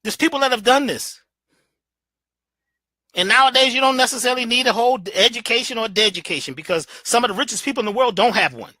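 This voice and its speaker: A man giving an animated motivational talk as a guest, preachy and emphatic in a colloquial way, playing with his voice. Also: very high-pitched, quick pace, no echo. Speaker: guest speaker.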